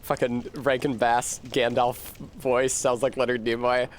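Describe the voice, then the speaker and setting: A man's voice: medium pitch, level tone, measured pace, a little hiss or hum. A man streaming a game, chatting casually in a profane, rambling way and laughing often. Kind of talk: casual gameplay chat.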